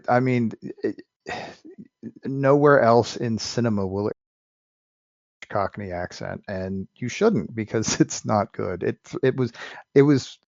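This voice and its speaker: A podcast co-host shares blunt, opinionated takes on an old film in a casual discussion, often restarting his sentences. His voice is lowish, and the recording is dry and dull.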